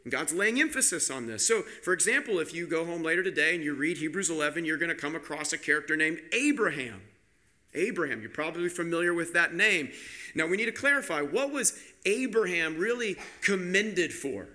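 A man preaching a sermon with emphatic delivery, slowing down and speeding up to stress his points. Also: fairly high pitch, animated, pushed and bright. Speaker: pastor.

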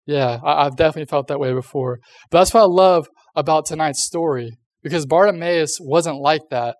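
A man's voice: on the high side, fairly quick. A young man giving a casual youth sermon, chatty and full of fillers, often acting out little voices. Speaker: youth pastor.

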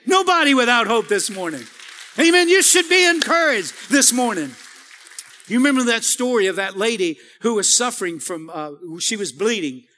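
Male pastor, very high pitch, long reverb of a church hall, call-and-response preaching. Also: sing-song, normal speed, bright, forceful tone, slight background noise. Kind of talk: sermon. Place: church sanctuary.

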